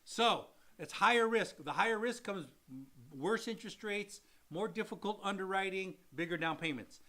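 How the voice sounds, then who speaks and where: A man in a casual live Q&A, explaining loans with a high, bright voice. He acts out little examples and repeats phrases for emphasis. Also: moderate pace. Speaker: mortgage loan officer co-hosting a live show.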